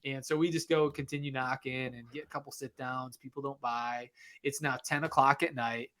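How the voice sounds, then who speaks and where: Male podcast guest, mid-pitched, from Michigan; animated storyteller who jumps into voices. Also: moderate pace. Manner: animated, re-enacts dialogue. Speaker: guest author. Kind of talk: casual storytelling in conversation.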